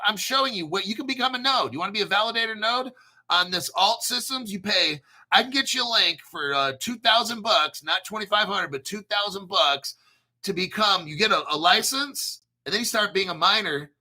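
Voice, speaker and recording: American man, high-pitched, very bright tone, brash, hyped, rambling livestream commentary. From United States. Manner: hyped, brash, rambling, swears, reads chat aloud. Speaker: crypto livestream host.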